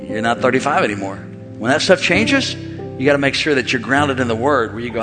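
A man preaching a sermon as pastor, animated and joking with the congregation in a large church. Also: medium pitch, a little fast. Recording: long hall reverb with faint music.

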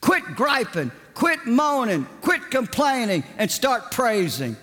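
A stern, impatient evangelist father, put on by a preacher, barks scolding orders in a raised, forceful voice. Long reverb hangs after each command in the big hall. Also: very high-pitched, wildly swooping pitch, slow pace, voice pushed up, exaggerated voice.

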